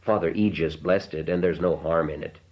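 A man's voice: deep voice, fairly even intonation, moderate pace, muffled recording. A man voicing a polite, deferential villager explaining himself.

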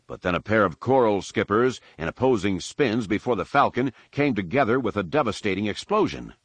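A man giving a measured, dramatic audiobook narration of an action story. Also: on the low side, lively intonation, breathy edge, no room sound. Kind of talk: scripted narration.

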